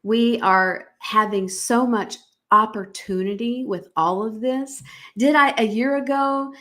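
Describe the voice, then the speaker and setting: A woman's voice: a little high, slow, bright, forceful tone. Emphatic, motivational middle-aged woman host. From United States. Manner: emphatic, motivational, greets viewers. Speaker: podcast host. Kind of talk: live-stream podcast talk.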